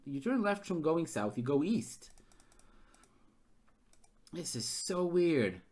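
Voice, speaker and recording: A man who runs a gamebook live as game master, thinking aloud and getting excited. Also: a little high, slow. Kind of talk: live-streamed gamebook narration.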